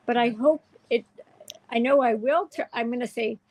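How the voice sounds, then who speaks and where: A woman's voice: a little high, fairly even intonation, moderate pace, gravelly, rough recording. A woman hosting a candid livestream chat, speaking in a heartfelt, emotional way with many restarts. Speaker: show host.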